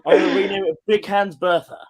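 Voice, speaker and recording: A man's voice: sits high, steady tone, fairly quick, noisy background. A man hosting a stream, chatting casually and laughing often. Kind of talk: casual chat.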